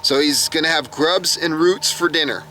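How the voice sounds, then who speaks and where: A man's voice: a little high, normal speed, sharp tone, slight background noise. A man recapping a TV episode from his notes in a chatty, reactive way. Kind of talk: casual recap monologue.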